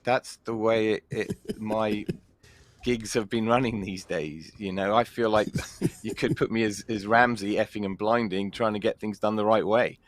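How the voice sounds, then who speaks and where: A man's voice: fairly low pitch, fairly even intonation, moderate pace, no room sound. A man speaking as a panelist in a casual online Q&A on a video call, wry and chatty.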